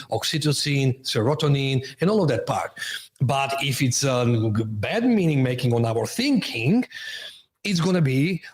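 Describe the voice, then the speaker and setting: Husky-voiced man coaching with emphasis. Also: medium pitch, darkish tone. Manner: emphatic, explains with metaphors, non-native phrasing. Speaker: guest, transformation coach. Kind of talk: podcast interview.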